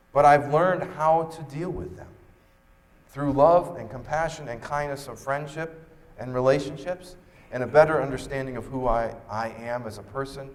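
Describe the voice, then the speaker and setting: A man giving a motivational keynote on stage, telling stories and acting out quoted dialogue with asides to the audience. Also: mid-range voice. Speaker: motivational speaker. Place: large conference hall. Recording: reverberant hall.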